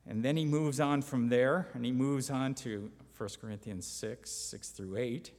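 A man's voice: medium pitch, unhurried, a little mellow, in a large hall. A man preaching a conversational sermon, reading scripture aloud and pressing his points with emphasis. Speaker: pastor or Bible teacher.

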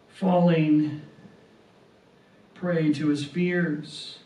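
A man with a high voice preaches a sermon at an unhurried pace, often doubling his words and checking in with "right?". He sounds set back from the mic, and a roomy echo hangs around his words, as in a church hall. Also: recorded from a distance. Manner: slow and deliberate, often repeats words and adds "right?".

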